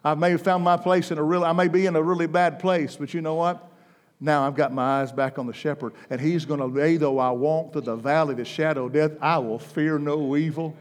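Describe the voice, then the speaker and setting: A man preaching a sermon, impassioned, swinging between loud, soaring declarations and hushed, intense passages. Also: a little high, steady tone, brisk. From United States.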